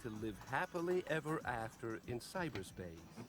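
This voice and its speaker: A man voicing a calm, bureaucratic male cyberspace assessment officer in a cartoon, speaking low and smoothly officious, with music in the background. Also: normal speed, lightly acted. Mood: reassuring. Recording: show audio with clear background music.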